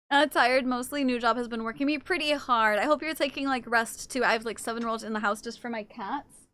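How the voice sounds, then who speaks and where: At a moderate pace, a woman streamer with a high, bright voice casually chats with viewers during a live stream, shifting into cooing baby talk for her cats. The recording is close and dry, with no room sound.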